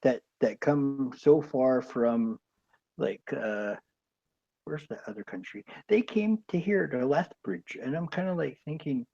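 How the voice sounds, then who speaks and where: A man's voice: mid-range voice, expressive, unhurried, vocal fry, dark tone. A man in a casual group chat who asks questions and halts and repeats himself often. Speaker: podcast co-host. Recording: dull, lo-fi call audio.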